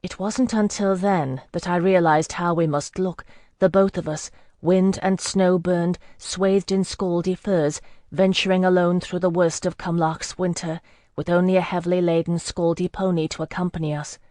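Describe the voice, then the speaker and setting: An audiobook narrator reading a first-person fantasy novel in a steady, measured way. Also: medium pitch, no room sound, studio quality.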